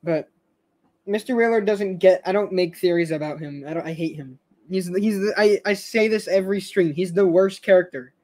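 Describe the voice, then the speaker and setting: A young fan host with a high voice and a somewhat dark tone chats at a moderate pace on his stream. He rambles along, fumbling words, starting sentences over and chuckling now and then.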